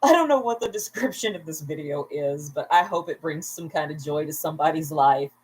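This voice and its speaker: A woman with a low, husky voice hosts a casual livestream from home at bedtime. She is a little tipsy, rambles freely, laughs often and keeps turning aside to chat with her viewers. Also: lively intonation, brisk, a little mellow, poor audio. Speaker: vlogger, livestream host.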